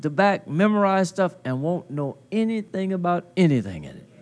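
Male preacher, high-pitched voice, handheld mic, emphatic call-and-response, folksy phrasing. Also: sing-song, normal speed, a little mellow. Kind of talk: sermon. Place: conference hall.

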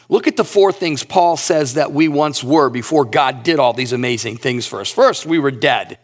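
A male pastor preaches with earnest emphasis and an animated delivery. He reads scripture slowly, and his pitch rises on the key points.

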